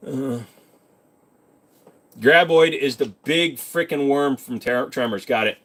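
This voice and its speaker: This man speaks slowly, with long pauses, in a medium-pitched, fairly bright voice. Running a casual livestream, he takes viewer questions one after another, joking and poking fun at himself, then turning careful and detailed when he explains handguns, which he knows well.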